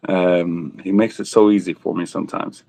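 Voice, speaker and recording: A man with a fairly low voice hosts a relaxed live auction, teasing himself and the bidders and laughing between items. His voice is recorded close and dry, with no room echo. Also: moderate pace, creaky. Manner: joking, laughs often, self-teasing; talks buyers through bids by name. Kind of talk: casual livestream auction chat.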